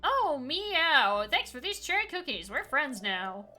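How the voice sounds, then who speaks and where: A woman's voice: high voice, big pitch swings, a little slow, sharp tone, faint music behind, exaggerated voice. A woman voicing a sweet, friendly cat creature that lives in a hole, reading a video game's dialogue.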